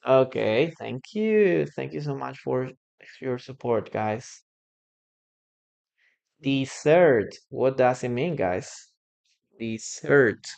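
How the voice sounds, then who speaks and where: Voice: medium pitch, expressive, slow, vocal fry, long pauses, darkish tone, muffled recording. An English teacher from Peru with a Peruvian Spanish accent, a native Spanish speaker, giving a live online English lesson, repeating words to drill pronunciation and thanking viewers often.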